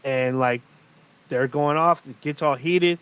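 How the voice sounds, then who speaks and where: A man's voice: on the high side, takes it slowly, clean tone. A man recapping a TV episode in casual podcast chat, swearing often and acting out the characters' lines. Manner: animated, profane storytelling with acted quotes. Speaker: podcast co-host. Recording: muffled lo-fi audio.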